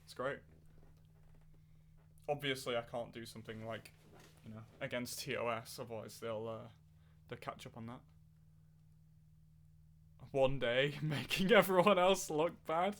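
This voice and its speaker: A man's voice: medium pitch, measured pace, pauses often, fairly bright tone, a little hiss or hum. A man streaming a racing game, chatting casually and answering his viewers as he plays. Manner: chatty, replies to chat while racing. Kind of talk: live-stream gameplay chat. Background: game music.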